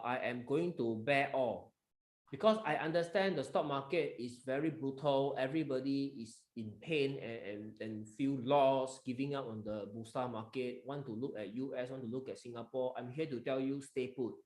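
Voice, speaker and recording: A man's voice: mid-range voice, normal speed, reverberant. A man with a Malaysian accent hosting a live stock market webinar, talking emphatically and coaxing his members, mixing in local slang.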